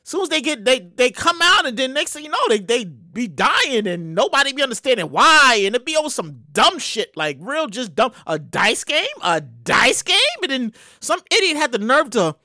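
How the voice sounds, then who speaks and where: A man giving casual news commentary in an animated way, swearing, stammering and restarting, with sudden loud mock exclamations. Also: extremely high pitch, moderate pace, few pauses, no echo, studio quality.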